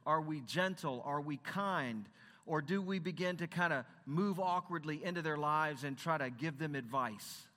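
Earnest preacher in a reverberant hall. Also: male voice, on the high side, moderate pace, sharp tone. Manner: earnest and conversational, with rhetorical questions. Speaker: Christian counselor and former pastor. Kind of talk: conference sermon talk. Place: stage in a large hall.

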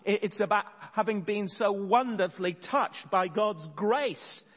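A man preaching an expository sermon, earnest, slowing down to stress key words and often restarting phrases. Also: sits high, fairly bright tone. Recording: dull sound in a long-reverb hall.

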